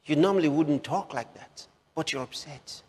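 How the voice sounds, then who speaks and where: A man preaching a sermon, slow and emphatic, repeating key phrases for effect. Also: fairly high pitch, darkish tone, slightly rough, big-room sound.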